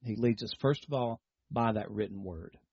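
A man's voice: fairly low pitch, moderate pace, a little mellow, breathy edge, no room sound, lo-fi sound. A man preaching a sermon in a teaching manner, often repeating words and asking rhetorical questions.

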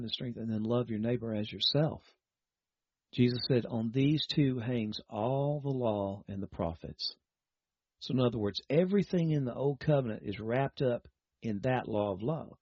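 Husky-voiced man preaching on radio. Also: medium pitch, no echo. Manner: earnest, exhorting, leads a prayer. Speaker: radio Bible teacher. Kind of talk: broadcast sermon. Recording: dull lo-fi broadcast with faint music.

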